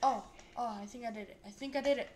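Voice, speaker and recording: Young female gamer, a bit high-pitched, excitable, with a faint hiss behind her. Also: fast. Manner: excitable, exclaims and repeats herself. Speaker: gameplay video host. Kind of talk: playing and reacting to a game.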